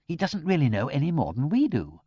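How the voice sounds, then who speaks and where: A man voicing a calm, sensible young woman with a soft voice. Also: a little high, a little fast, no echo, studio quality, pitched above the performer's own voice.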